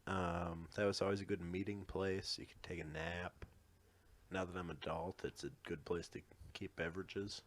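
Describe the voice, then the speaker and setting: A man's voice: deep voice, little pitch movement, normal speed. A man hosting a casual podcast chat who steers the conversation in a laid-back way. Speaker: podcast host.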